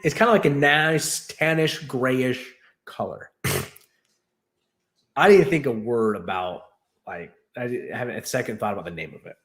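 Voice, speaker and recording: A man's voice: medium pitch, normal speed, pauses often, a bit bright. A man casually chatting on his livestream, rambling and laughing as he tells stories. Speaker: streamer and host. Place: new home in Texas.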